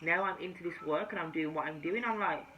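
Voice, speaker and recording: A woman with a Jamaican-tinged accent, a tarot reader, telling her spiritual testimony to camera in an emphatic storytelling manner, swinging between hushed and loud. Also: on the low side, fast. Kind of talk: personal testimony told to camera. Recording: slightly dull recording with faint room ambience.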